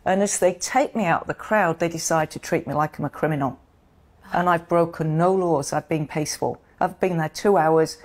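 Middle-aged woman from the UK, low voice, earnest interview guest telling her story. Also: moderate pace, darkish tone. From United Kingdom. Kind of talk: interview, personal account.

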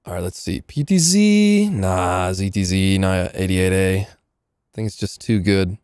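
A man's voice: low-pitched, completely flat delivery, normal speed, a little mellow, smooth, no room sound, clean studio sound. A man giving casual, joking live commentary while playing a game. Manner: joking, sarcastic, laughs often. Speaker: gaming livestreamer.

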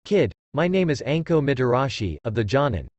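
A man reading aloud and voicing a sadistic adult female ninja with a mocking, rough manner. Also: medium pitch, sing-song, a little fast, darkish tone, dry recording.

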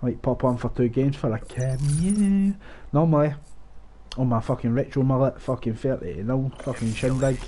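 A man giving live, profane, rambling commentary over his own gameplay, breaking into excited outbursts. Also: medium pitch, moderate pace. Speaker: gaming channel host.

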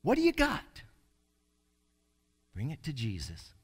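A male pastor preaching a sermon in an emphatic way, with sudden loud bursts. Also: medium pitch, wildly swooping pitch, slow pace, slight background noise.

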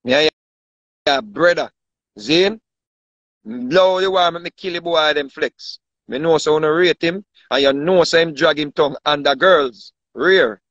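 A man's voice: on the high side, unhurried, fairly bright tone, no room sound. A man with a Jamaican accent ranting casually, boastful and repetitive, often asking if you understand him. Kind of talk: casual rant to camera. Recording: dull dry lo-fi sound.

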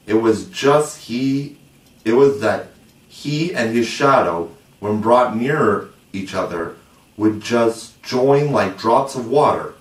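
Man, storybook narration, lowish voice, roomy distant sound. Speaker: audiobook reader.

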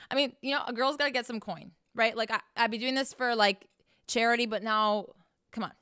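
A woman's voice: fairly high pitch, steady tone, brisk, bright, forceful tone, clean tone, no room sound, clean studio sound. A woman talking straight to the viewer in a candid motivational monologue, blunt, profane and sarcastic, scolding the listener directly. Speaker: host.

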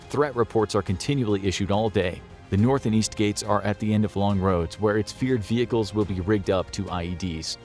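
A man's voice: fairly low pitch, brisk, few pauses, a little mellow, soft background music. A man narrating a scripted documentary in a grave, dramatic storytelling manner.

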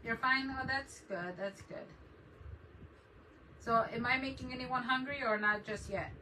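Woman, craft live-stream host, bright tone, chatty, laughs a lot, distant mic, faint background hiss. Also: on the high side, unhurried. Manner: chatty, laughs often, greets viewers by name. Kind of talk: casual live-stream chat while crafting. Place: home craft desk.

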